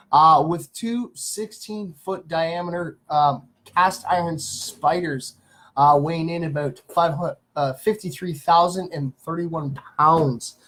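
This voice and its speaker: A man's voice: fairly high pitch, fairly bright tone, low-quality recording. A man hosting a casual live stream, greeting viewers by name and rambling through facts with many fillers. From Canada. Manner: reads viewer names and greets them. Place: small home studio.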